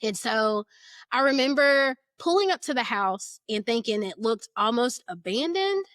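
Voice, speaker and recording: A woman's voice: on the high side, animated, a little slow, a bit bright, dry recording, studio quality. A young woman in her twenties earnestly retelling a frightening personal experience, casual and emotional, with frequent filler words. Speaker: storyteller. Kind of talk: personal storytelling.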